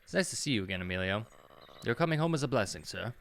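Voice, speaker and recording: A man's voice: fairly low pitch, animated, fast. A man voicing an elderly male servant in a game, speaking formally and deferentially. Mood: sorrowful. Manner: formal, deferential, calls everyone sir. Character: elderly male family servant, humble and sorrowful.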